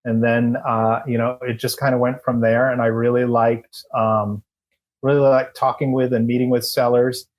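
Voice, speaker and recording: A man guesting on a podcast, telling his story in a rambling, relaxed and chatty way. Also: mid-range voice, moderate pace. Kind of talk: casual storytelling interview.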